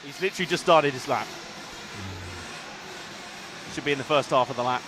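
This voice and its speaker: A man's voice: mid-range voice, normal speed. Wry male co-commentator, engine noise. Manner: dry, wry asides. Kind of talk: live race commentary. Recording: noisy trackside broadcast.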